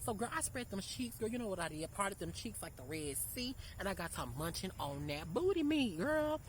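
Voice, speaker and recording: A woman's voice: mid-range voice, big pitch swings, fairly quick, slight background noise, rough recording. A young woman tells a casual storytime in a sassy, brash way, calling her listeners girl and honey. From Memphis, Tennessee. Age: 20s. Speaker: vlogger.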